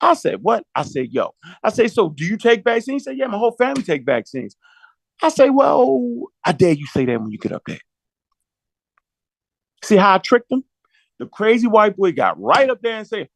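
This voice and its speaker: A man's voice: very high voice, wildly swooping pitch, fairly quick, vocal fry, no echo. A man telling a long story in a profane, slangy way, acting out the quotes as he goes. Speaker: podcast talker. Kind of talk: animated storytelling monologue.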